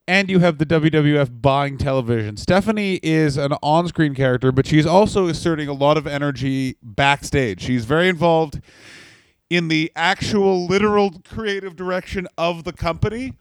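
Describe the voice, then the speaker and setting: A man co-hosting a comedy podcast, trading wry deadpan asides and explaining backstory at length. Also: fairly high pitch, no room sound. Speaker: podcast co-host. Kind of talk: casual comedic podcast chat.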